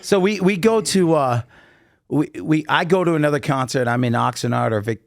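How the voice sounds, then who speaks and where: A man with a slightly high, creaky voice guests on a podcast, speaking at normal speed in a casual storytelling interview. He tells long, animated, rambling anecdotes packed with fillers and restarts. The recording is dry and studio quality.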